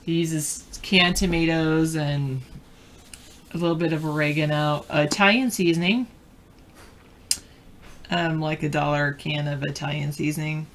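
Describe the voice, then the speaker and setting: Woman, slightly low voice, casual live-stream co-host, chatty, reads trivia aloud. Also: a little hiss or hum.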